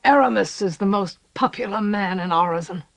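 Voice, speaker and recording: Woman reader doing a snarling, vicious old castellan, rasping voice, bitter and foul-mouthed for a storybook. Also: medium pitch, brisk, lightly acted. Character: filthy, grieving, vicious older male castellan.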